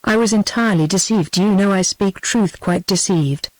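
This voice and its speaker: A woman's voice: medium pitch, normal speed, a little mellow, no echo, lightly acted, poor audio. A British-accented synthetic woman's voice reading the lines of a grave, formal young nobleman, solemn and a little haughty. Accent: British English.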